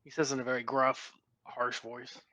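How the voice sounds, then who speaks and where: A man's voice: mid-range voice, flat delivery, moderate pace, bright, forceful tone, dry recording, low-quality recording. Man describing his character, dry sound. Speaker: player.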